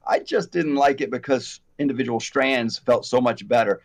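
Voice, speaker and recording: A man in his fifties hosting a casual chat about hair extensions, rambling and animated with many fillers and asides. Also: medium pitch, normal speed, few pauses. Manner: rambling, animated, self-deprecating, frequent fillers. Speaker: hair extension educator, host.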